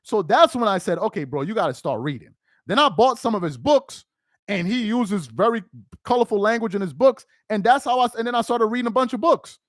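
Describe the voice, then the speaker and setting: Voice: mid-range voice, lively intonation, fairly quick, no echo, studio quality. A livestream host giving live reaction commentary, emphatic and repeating phrases for effect.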